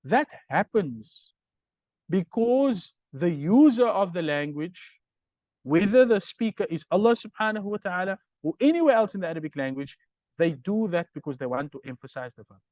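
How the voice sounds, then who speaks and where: A man's voice: sits high, very animated, moderate pace, darkish tone, no room sound, highs cut off. A man teaching Arabic grammar in a recorded lecture, explaining step by step and often checking understanding with "right?".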